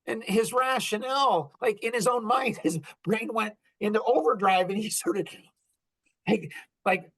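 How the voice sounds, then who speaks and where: A man's voice: high-pitched, a little slow, husky. Rambling man venting on a podcast. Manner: rambling, animated, acts out quoted conversations. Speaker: podcast host. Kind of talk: casual monologue.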